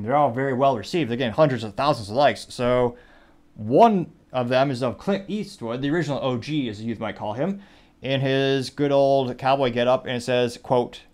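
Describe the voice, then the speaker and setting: A man's voice: medium pitch, darkish tone. A man hosting a commentary show, reading social media posts and memes aloud with wry, rambling asides. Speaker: host.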